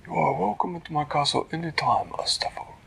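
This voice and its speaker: A man's voice: on the high side, brisk, vocal fry, a bit bright, slightly rough, pitched above the performer's own voice, full character voice. A man voicing a prim, very polite magical helper in a storybook who speaks formally.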